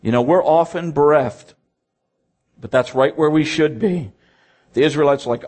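A man's voice: a little high, moderate pace, long pauses, a little mellow. A man preaching a sermon, reading scripture aloud and stressing points by repeating them.

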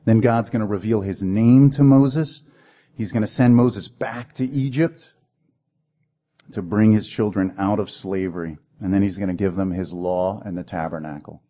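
Mellow-voiced man preaching a sermon. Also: low-pitched. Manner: dramatic preaching, acts out quoted voices. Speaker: pastor.

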